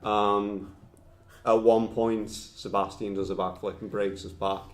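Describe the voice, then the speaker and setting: A man's voice: on the low side, level tone, a little slow, echoey room, background noise. A man telling a long comic tale in a podcast, rambling and swearing with lots of fillers. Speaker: storyteller. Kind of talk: comedic storytelling podcast.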